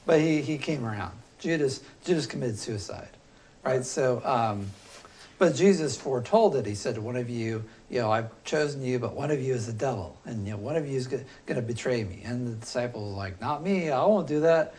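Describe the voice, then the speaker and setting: A man teaching a philosophy class, talking loosely and thinking aloud with frequent pauses and fillers. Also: mid-range voice, a little mellow. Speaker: philosophy instructor. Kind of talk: classroom lecture.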